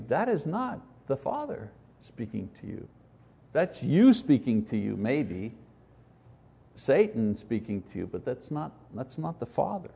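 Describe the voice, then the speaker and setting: A man's voice: a little high, mellow. A man teaching an informal Bible lesson in a conversational way, with frequent restarts and rhetorical questions.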